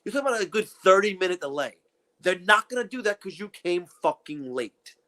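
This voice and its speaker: A man co-hosting a podcast, telling profane, animated stories in casual chat and acting out what people said. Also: sits high, brisk. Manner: profane, animated storytelling with acted-out quotes. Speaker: podcast co-host.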